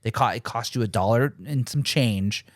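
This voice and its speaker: A man's voice: medium pitch, normal speed, no room sound, studio quality. A man co-hosting a podcast, rambling and joking through a casual episode outro. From American Midwest. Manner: rambling, laid-back, joking. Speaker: podcast co-host.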